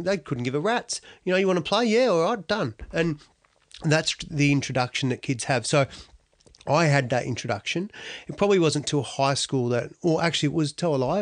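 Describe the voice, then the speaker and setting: A man's voice: medium pitch, no room sound. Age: middle-aged. Sex: man. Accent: Australian. Role: interview guest. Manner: blunt, slangy storytelling, dry close sound. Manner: blunt, slangy, down-to-earth, frequent "you know". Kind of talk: candid personal storytelling.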